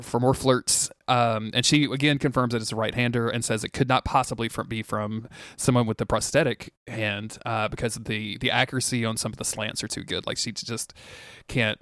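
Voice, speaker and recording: A man's voice: mid-range voice, steady tone, brisk, a bit bright, clean tone, dry recording, clean studio sound. Rambling, laughing podcast co-host man. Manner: rambling, laughing, swears freely. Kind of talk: casual chat recapping a TV episode.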